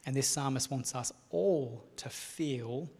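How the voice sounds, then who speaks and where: A man preaching a sermon to a gathered room, speaking in an earnest, measured way and pausing for rhetorical questions. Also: mid-range voice, creaky, a little mellow. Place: hall with a live audience. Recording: long reverb of a large hall.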